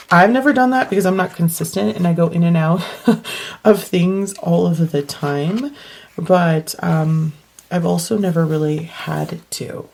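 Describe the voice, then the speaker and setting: A young woman with a deep morning voice, chatting casually and rambling as she walks through her bullet journal pages. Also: vocal fry, mellow, a little hiss or hum. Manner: rambling, self-correcting, laughs often.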